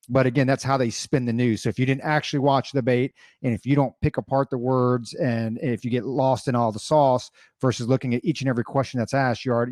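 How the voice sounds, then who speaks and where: A man co-hosting a casual political podcast, easygoing as he reads news snippets aloud and trips over quick restarts. His voice is dry and close, with no room sound. He talks at a middling pitch. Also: darkish tone, dry recording. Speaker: podcast co-host.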